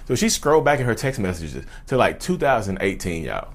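Man, rapid casual storyteller, lowish voice, loops back and repeats himself. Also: very animated. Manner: rambling, repeats phrases, talks straight to listeners.

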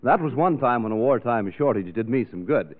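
A man's voice: mid-range voice, animated, brisk, lightly acted. A man playing an easygoing traveler giving a chatty testimonial in a 1940s radio advertisement. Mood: relaxed. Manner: conversational ad testimonial. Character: man back from overseas, plain-spoken, easygoing. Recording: tinny old radio broadcast.

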